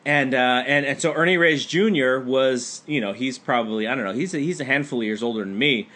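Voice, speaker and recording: A man chatting on a wrestling podcast, his voice bright and a little tense. He tells a long story loosely, stumbling over his openings and restarting them as he goes. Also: mid-range voice, fairly quick. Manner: rambling storyteller with many restarts. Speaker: podcast co-host. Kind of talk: casual chat.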